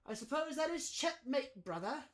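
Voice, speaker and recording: A woman voicing a calm, smug masked male Aasimar gentleman in blue who speaks in a dry monotone. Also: high voice, normal speed, faint music behind.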